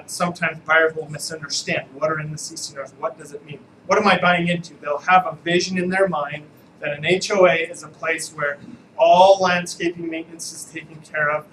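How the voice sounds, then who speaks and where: A man's voice: high-pitched, fairly bright tone, slight background noise, low-quality recording. A man, an attorney, giving a casual, joking live training talk to real estate agents and asking the room questions.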